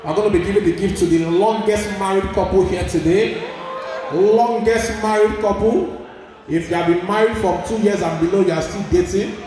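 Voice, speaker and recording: A man, emceeing a party and joking with the crowd, often shouting. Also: high voice, fairly even intonation, moderate pace, recorded from a distance, slight background noise. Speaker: event MC. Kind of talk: party hosting on a mic. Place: indoor party room. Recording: echoey hall, mic heard from afar, music behind.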